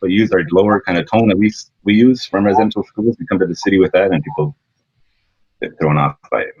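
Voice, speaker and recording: A man with a deep, husky voice talks quickly and passionately, leaning on repeated phrases to drive his points home. The recording sounds dull and lo-fi. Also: a little mellow. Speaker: workshop leader and guest. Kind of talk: earnest conversational interview.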